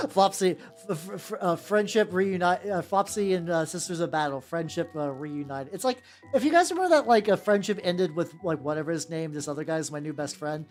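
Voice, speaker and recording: A VTuber with a mid-range voice and lively intonation chats at moderate pace with stream viewers while painting miniatures. They ramble, curse freely, and keep restarting sentences, with faint background music audible.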